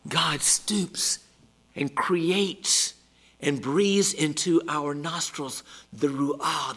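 A man preaching a sermon, emphatic and dramatic, moving from loud exclamations down to hushed near-whispers. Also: fairly high pitch, fairly even intonation, very slow.

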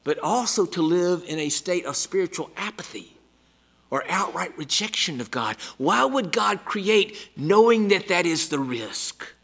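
A man preaching a sermon, emphatic and dramatic, moving from loud exclamations down to hushed near-whispers. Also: sits high, expressive, unhurried, vocal fry, husky.

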